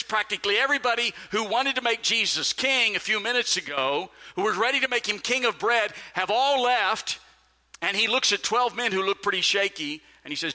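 Middle-aged male preacher, high-pitched and very bright, emphatic sermon with sudden quiet dips, big hall reverb. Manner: emphatic, animated delivery with sudden drops in pitch and volume. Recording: long reverb of a large hall.

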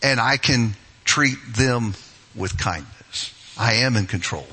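A middle-aged man preaching a sermon as pastor, emphatic and rising to forceful, high-pitched stresses. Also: lively intonation, slow pace, a little hiss or hum.

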